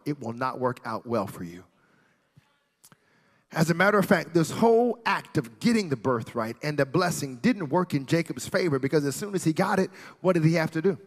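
Male preacher, animated storyteller, high voice, big hall reverb. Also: fairly quick. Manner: playful asides, builds to shouting.

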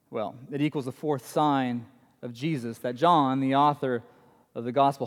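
A man in his thirties preaching a sermon as pastor, telling stories in an animated way in a church sanctuary. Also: fairly high pitch. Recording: long hall reverb.

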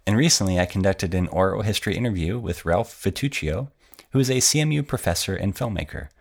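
A man's voice: sits low, lively intonation, quick pace, creaky. A man co-hosting a podcast, explaining local film history in a conversational, scripted way. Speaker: podcast co-host. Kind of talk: scripted co-hosted narration.

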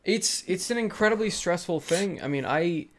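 A young man in casual chat, telling stories in an easygoing, expressive way. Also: high voice, normal speed, slight background noise.

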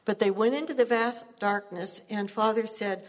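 A woman's voice: mid-range voice, moderate pace, in a large hall. A woman preaching a sermon, telling stories earnestly and laughing at herself now and then.

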